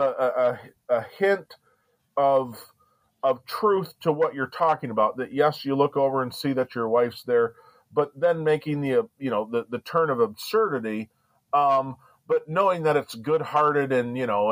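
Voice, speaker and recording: A man chats as a podcast guest at a middle pitch, rambling through his thoughts with plenty of fillers and restarts. The sound is dry and close. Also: measured pace, dry recording. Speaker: guest comedian. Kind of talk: casual podcast interview.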